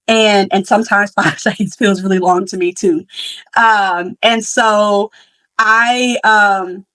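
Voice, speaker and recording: A woman's voice: mid-range voice, fairly even intonation, takes it slowly, fairly bright tone, dry recording, poor audio. A young woman hosting a podcast, telling a story in a casual, candid way with many fillers and restarts. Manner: candid and reflective. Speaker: podcast host.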